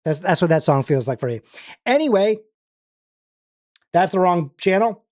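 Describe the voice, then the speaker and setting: A man's voice: sits high, very animated, normal speed, a little mellow, no echo, clean studio sound. A man hosting a livestream in casual, rambling chat, full of fillers and restarts. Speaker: livestream host.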